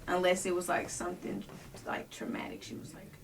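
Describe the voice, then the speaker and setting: Woman guest telling her story, gravelly voice, mic kinda far. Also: on the low side, a little fast, background noise. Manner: animated retelling, dropping to near whispers. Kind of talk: personal storytelling on a podcast.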